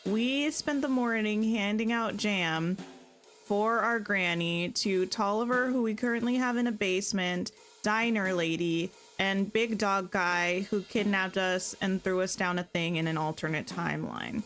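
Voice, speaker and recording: A woman's voice: medium pitch, unhurried, a bit bright, faint music behind. A woman streamer chatting and reading narration aloud while playing a story game. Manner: chatty, laughing recap. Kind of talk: casual let's-play commentary and reading narration.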